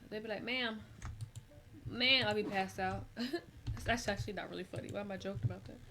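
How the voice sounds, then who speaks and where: A woman's voice: medium pitch, quick pace. Sleepy young woman streamer just rambling, lots of slang, keyboard clacking and hiss behind her. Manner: chatty, rambling, relaxed slang. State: tired. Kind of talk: casual gameplay chat.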